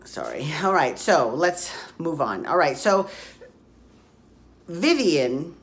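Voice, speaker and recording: A woman with a notably low voice hosts a casual soap opera recap. She talks in a loose, chatty way, blunt and quick to swear as she goes through what happened. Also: very animated.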